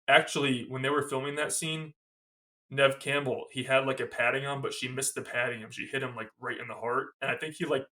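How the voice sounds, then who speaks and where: A man co-hosting a casual movie podcast, excitable and loose with his swearing. His voice sits mid-height with a bright, forward edge. He rambles through scenes, dropping "like" and "you know" constantly. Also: medium pitch. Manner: enthusiastic, profane, retells scenes with lots of "like". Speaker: podcast co-host. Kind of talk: casual film discussion chat.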